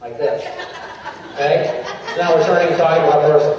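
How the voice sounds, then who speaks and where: A man gives a lively coaching talk to a convention audience, acting out small scenes in shifting voices. His voice sits a bit high with a mellow tone. It reaches the mic from a distance in a big, echoey hall and sounds dull. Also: fairly quick, pauses often, a little hiss or hum. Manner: animated, acts out little scenes in changing voices. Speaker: motivational speaker at a sales convention. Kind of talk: energetic coaching talk to a crowd.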